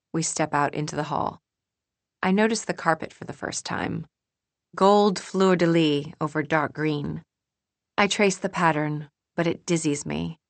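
A woman narrating a first-person audiobook in a calm, measured, introspective manner. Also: low-pitched, gravelly, dry recording.

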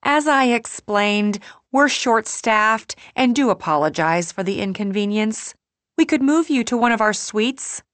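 A woman's voice: a little high, animated, measured pace, dry recording, pitched above the performer's own voice. A woman narrator voicing a polite, mortified hotel clerk apologizing to a guest. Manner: apologetic customer-service politeness.

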